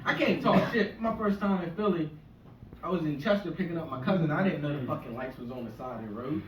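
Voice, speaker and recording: An echoey room, a faraway mic, and faint noise frame a quick, high-side male voice whose highs are cut off. He's a forties-aged stand-up from the US East Coast shore, ranting profanely and rambling in a conversational style.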